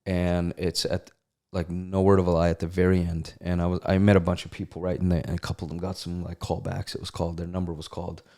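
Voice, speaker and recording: A man's voice: deep voice, fast. A middle-aged man, an actor, telling stories casually in an interview and acting out the people he quotes. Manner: animated, acts out quotes in voices. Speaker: actor, guest.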